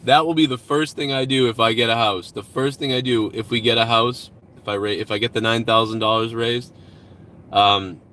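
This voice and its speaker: A man's voice: mid-range voice, fairly even intonation, normal speed, bright, forceful tone, slight background noise. Profane, rambling man hosting a stream. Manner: rambling, profane, reads out donations. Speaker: live-stream host. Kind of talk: casual live-stream chat.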